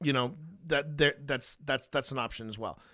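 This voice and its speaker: A man chatting casually on a stream, his voice bright and forward. He rambles and restarts often, filling gaps with ums. The sound is close and dry, with no room around it. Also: medium pitch, fairly quick, dry recording. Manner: rambling, with many fillers and restarts. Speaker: streamer and co-host. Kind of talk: casual chat.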